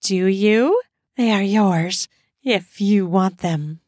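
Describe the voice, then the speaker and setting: A woman's voice: medium pitch, slow pace, darkish tone, no room sound. A scheming woman gets what she wants in an erotic audio story, as the woman narrator voices her. She speaks firmly and seductively, pressing with demands. The voice sits close and dry. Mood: demanding. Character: commanding, scheming divorcing woman.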